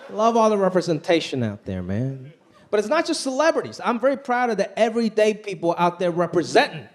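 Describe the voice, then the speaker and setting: Animated stand-up comic with a high voice. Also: male voice, background noise. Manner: animated, puts on voices for the people in his stories. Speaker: stand-up comedian. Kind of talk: stand-up comedy routine. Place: stage before a laughing audience. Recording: live show with crowd laughter.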